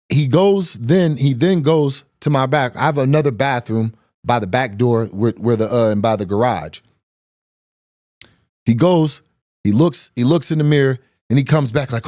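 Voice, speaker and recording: A man in his thirties casually telling a personal story on a podcast, animated, quoting others and repeating phrases as he goes. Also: medium pitch, normal speed, no room sound, clean studio sound.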